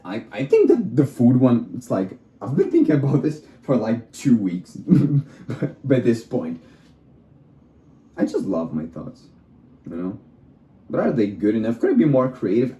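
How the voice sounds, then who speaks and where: A man's voice: medium pitch, warm tone, dull audio. A young man who is not a native English speaker, rambling through his own playful thoughts and questioning himself as he goes. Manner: wandering, self-questioning, playful. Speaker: vlogger. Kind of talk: rambling solo musing. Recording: roomy echo.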